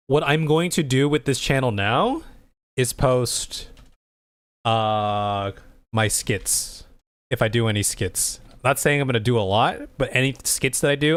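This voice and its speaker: A man's voice: mid-range voice, no room sound. A man hosting his own channel, casually talking through plans and thinking aloud to his viewers. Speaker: streamer and channel host.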